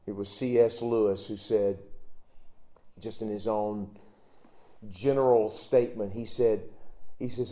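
A male pastor preaching a sermon, telling folksy stories and swinging between loud emphasis and hushed asides. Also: mid-range voice, animated, normal speed. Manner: folksy storytelling with restarts.

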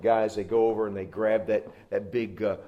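A male pastor preaching a sermon, telling folksy stories and swinging between loud emphasis and hushed asides. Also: lowish voice, little pitch movement, normal speed, dull audio. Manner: folksy storytelling with restarts.

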